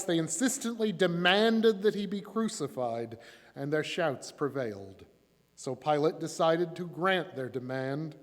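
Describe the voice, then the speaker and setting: A man with a fairly high voice reads scripture dramatically inside a church. His words ring out with a long, lingering reverb from the hall around him. He varies his voice and volume for each quoted speaker. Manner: expressive, shifts voice and loudness for quoted speakers. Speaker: church reader. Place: church sanctuary.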